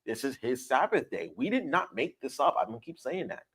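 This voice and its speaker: A man's voice: mid-range voice, big pitch swings, a little fast, fairly bright tone, slightly rough. A man leading a livestreamed Bible study, emphatic and repetitive, checking in with "all right?" after his points. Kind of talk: livestreamed scripture lesson.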